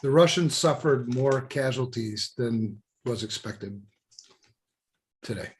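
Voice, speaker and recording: A man co-hosting a casual podcast, loud, blunt and profane. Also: mid-range voice, slow. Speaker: podcast co-host. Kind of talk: casual chat.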